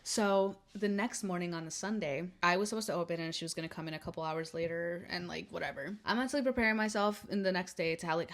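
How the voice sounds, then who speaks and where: A young woman casually telling a storytime, animated and petty, acting out quotes and dropping to whispered asides. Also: lowish voice, fast talker, hardly any pauses. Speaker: vlogger.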